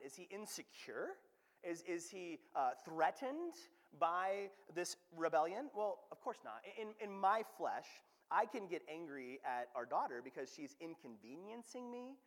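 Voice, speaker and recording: A young adult man preaching a sermon to his church, conversational and animated, often asking "right?". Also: high voice. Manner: animated, conversational, frequent restarts and "right?" asides. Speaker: pastor. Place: church sanctuary. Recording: long hall reverb.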